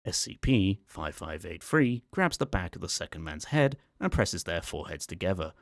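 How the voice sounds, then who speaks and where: Speaking close to the mic with no echo, a low-voiced ASMR narrator reads a horror story. He keeps his delivery calm, measured, and matter-of-fact.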